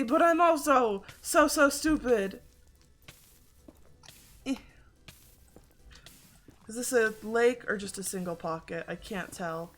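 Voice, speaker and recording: A woman with a bright, ringing voice sits a little high in her range as she chats through a game stream. Her throat is slightly congested. She talks casually and wryly, swearing now and then, with quiet music playing underneath. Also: animated, takes it slowly, long pauses. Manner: chatty, self-deprecating, swearing. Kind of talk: casual gaming commentary.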